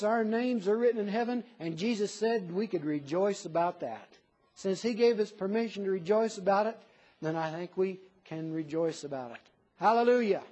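A man with a notably high-pitched voice preaches with earnest emphasis. He stresses his points and repeats them to drive them home. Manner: earnest, emphatic, reads a poem in a softer lower voice. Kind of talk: sermon.

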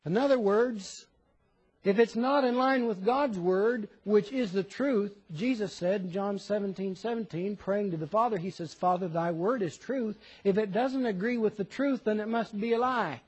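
A man's voice: sits high, normal speed, a little mellow, husky, rough recording. A man preaching a conversational sermon, asking rhetorical questions and reading scripture aloud.

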